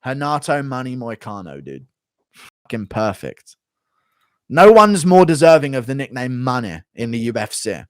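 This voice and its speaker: A man's voice: medium pitch, big pitch swings, smooth, dry recording, studio quality. A young man hosting a livestream, chatting casually, reading out donations and swearing freely as he rants. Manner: profane, ranting, quick to flare up. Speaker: livestream host.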